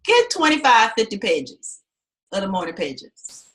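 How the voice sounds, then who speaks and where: A woman writing coach telling an animated story to a class, loud one moment and soft the next, acting out the lines she quotes. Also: medium pitch, measured pace. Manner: expressive, swings loud and soft, acts out quotes.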